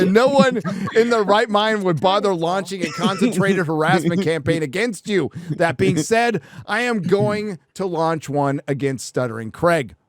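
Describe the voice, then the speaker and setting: Male host, slightly high voice, swears freely, trolls his guests. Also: animated, unhurried, hardly any pauses. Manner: crude, profane and playfully trolling. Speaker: livestream show host reading viewer donations. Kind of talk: casual panel chat.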